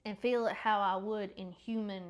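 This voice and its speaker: A woman's voice: medium pitch, steady tone, normal speed. A woman hosting a faith podcast who chats in a rambling, self-correcting way and sounds a bit congested. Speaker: podcast host. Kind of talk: casual faith chat and Bible reading.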